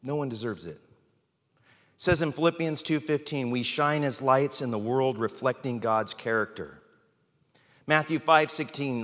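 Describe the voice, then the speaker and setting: A man's voice: mid-range voice, fairly bright tone. Earnest man preaching in a reverberant hall. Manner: earnest, emotional, tearful at times. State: emotional, near tears. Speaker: pastor. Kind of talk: sermon.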